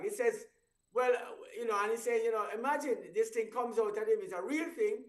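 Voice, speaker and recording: A man's voice: extremely high pitch, a little fast. A man hosting a breakfast radio show in casual chat, rambling and restarting his sentences and chuckling at his own stories. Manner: rambling, stumbling restarts, laughing at own story. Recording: roomy echo, voice far from mic.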